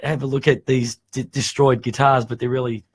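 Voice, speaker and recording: A man's voice: medium pitch, flat delivery, a little fast, husky. A man hosting a casual radio talk show in a chatty, joking way.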